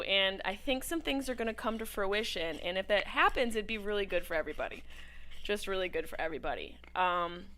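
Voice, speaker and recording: A woman hosting a casual livestream watch party, talking in a brash, profane way, jumping from topic to topic with loud bursts of excitement. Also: mid-range voice, clear, resonant tone. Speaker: host.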